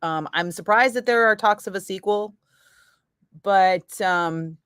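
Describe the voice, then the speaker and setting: A woman's voice: mid-range voice, measured pace, fairly bright tone, clear, resonant tone, no echo, studio quality. A woman radio host from Northern California chatting casually with her live chat, laughing often, swearing freely and rambling through asides. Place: radio studio.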